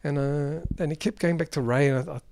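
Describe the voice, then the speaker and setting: Male film reviewer, fairly high voice, rambling and unscripted, dry close sound. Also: fairly even intonation, fairly quick, gravelly, a little mellow, no room sound. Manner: rambling, off-the-cuff, exasperated. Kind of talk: unrehearsed spoken film review.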